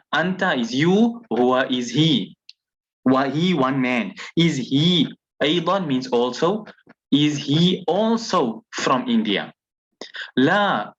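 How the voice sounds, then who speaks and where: Male teacher, mid-pitched, patient and repetitive in his explanations; lo-fi class recording. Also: a bit bright. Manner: patient, repeats and spells out each word slowly. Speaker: Arabic teacher.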